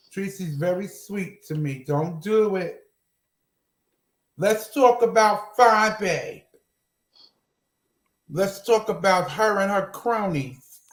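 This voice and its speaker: Casting: man doing a flirty diva host, high voice, slow drawl, echoey room. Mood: sassy. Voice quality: coaxing, teasing, sweet-talking. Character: flirty, sassy woman host Natasha. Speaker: show host. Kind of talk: casual avatar chat show.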